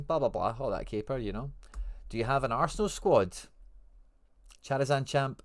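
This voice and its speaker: In studio-quality audio with no room sound, a Scottish man with an animated, slightly mellow mid-range voice hosts a casual livestream at normal speed. He reads viewer comments and responds in warm, slangy language.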